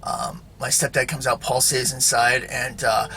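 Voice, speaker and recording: Rambling man with a bright voice. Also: mid-range voice, level tone, a little slow, slight background noise. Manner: rambling, full of fillers and tag questions. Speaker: video host. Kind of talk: casual storytelling monologue.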